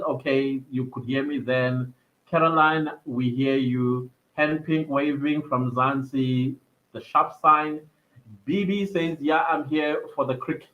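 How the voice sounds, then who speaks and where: A young South African man hosting a livestream, chatting casually and reading viewer comments aloud with frequent laughter. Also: mid-range voice. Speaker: livestream host. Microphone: computer mic on a live stream. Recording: slightly dull lo-fi stream audio.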